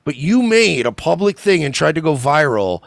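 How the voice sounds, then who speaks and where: A man co-hosting a casual podcast, talking bluntly with a sarcastic, exasperated edge. His voice carries a gravelly fry and swings widely in pitch. The sound is dry and close. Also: sing-song, moderate pace, dry recording. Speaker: podcast co-host.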